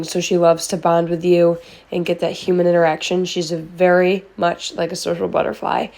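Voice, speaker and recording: A woman's voice: fairly low pitch, a little mellow. A woman dog trainer explains her methods in a friendly, methodical voice-over. She lays out each step plainly, as if guiding a new owner. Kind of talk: instructional voice-over.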